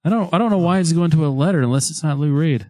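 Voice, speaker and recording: A podcast host with a fairly high voice talks fast on a dry recording, leading a casual chat around a spirit board. He's animated, swears, jokes, and puts on a mock-spooky tone.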